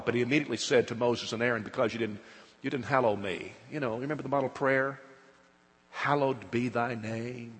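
A male preacher delivering a sermon in a big hall, his voice trailing off into a long reverb. He talks the listener through a scripture story, dropping low for asides and climbing loud when he acts out the people in it. His pitch sits in an ordinary middle range. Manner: dramatic retelling, acts out quoted speech with rising loudness.

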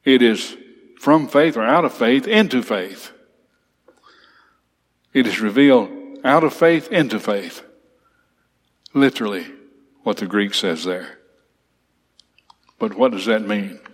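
A low-voiced, animated man takes his time with long pauses as he teaches an expository Bible class, reading scripture aloud and then explaining it with emphatic repetition. He's in a church classroom with slides, and the recording carries long hall reverb.

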